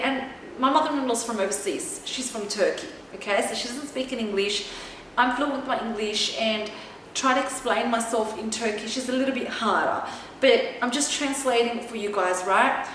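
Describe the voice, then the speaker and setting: High-voiced woman in a very echoey room. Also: normal speed, a bit bright, distant mic. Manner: emphatic, chatty, keeps checking in with "okay?". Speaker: vlogger. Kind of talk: personal storytelling to camera. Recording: very echoey room, voice from afar, faint noise.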